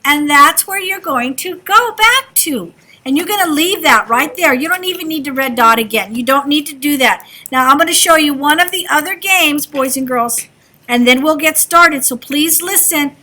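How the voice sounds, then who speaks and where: A woman's voice: high voice, normal speed, sharp tone. A woman teaching a kindergarten class, talking in an encouraging sing-song way to small children. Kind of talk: classroom instruction.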